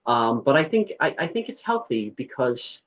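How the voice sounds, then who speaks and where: Husky man speaking reflectively. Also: medium pitch, big pitch swings, normal speed, fairly bright tone, lo-fi sound. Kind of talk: casual spiritual discussion.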